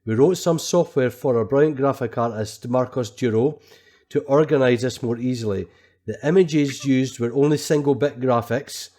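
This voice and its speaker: A man's voice: mid-range voice, moderate pace, warm tone. A man co-hosting a podcast, talking casually and enthusiastically about retro games. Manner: enthusiastic, chatty, reads quotes aloud. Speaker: podcast co-host. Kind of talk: casual retro gaming chat.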